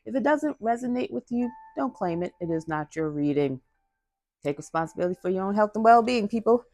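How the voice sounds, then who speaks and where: A woman reading cards for her channel in a casual, chatty way, with slang in her talk. Her voice sits at a middle pitch. It sounds dry and close, with no room echo. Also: lively intonation, a little fast, darkish tone. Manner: chatty, drops into slang, talks to viewers directly. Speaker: tarot reader. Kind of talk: casual spiritual card reading.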